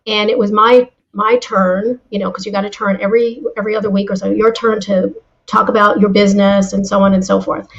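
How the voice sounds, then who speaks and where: A woman's voice: medium pitch, brisk. Storytelling woman on a dull lo-fi stream. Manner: animated storyteller, frequent restarts. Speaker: guest, former insurance seller. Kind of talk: casual storytelling interview.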